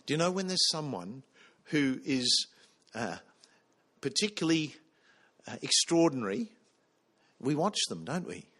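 A man's voice: a little high, very animated, a little slow, long pauses, pushed and bright, husky. A man preaching a sermon, earnest, putting questions to the congregation.

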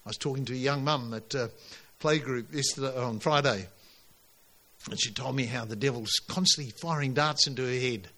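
A man preaching a sermon to his congregation, emphatic and animated, pushing his voice up on key lines. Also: mid-range voice, brisk. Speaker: pastor.

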